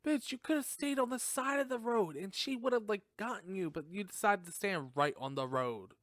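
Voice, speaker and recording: A man's voice: high voice, moderate pace, a bit bright, no echo. A man hosting a podcast, recapping a film in a rambling, casual way, laughing often and swearing freely. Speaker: podcast host reviewing a film.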